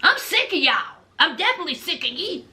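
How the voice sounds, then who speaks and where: A woman's voice: high-pitched, sing-song, brisk, bright, forceful tone, pitched above the performer's own voice, full character voice. A woman voicing a nosy, fed-up older mother who scolds the people around her. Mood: scolding.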